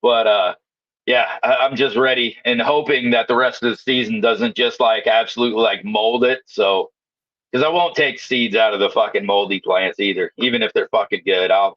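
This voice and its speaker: A man's voice: fairly low pitch, steady tone, normal speed. Laughing man on lo-fi audio. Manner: laughs often, rambling, swears. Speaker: podcast co-host. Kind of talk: casual stoner chat.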